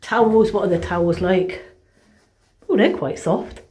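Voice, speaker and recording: A little slow and mellow, a woman's mid-range voice comes through with a little hiss or hum. It's a casual phone-camera vlog in a hotel room, where she complains to camera in exasperation, swearing frequently, then walks through a room tour.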